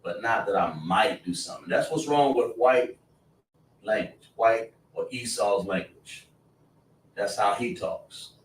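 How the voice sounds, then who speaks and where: A man's voice: on the low side, unhurried. A man teaching a class in an emphatic, repetitive, scolding preaching manner, in an indoor classroom. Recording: roomy, distant mic, faint noise.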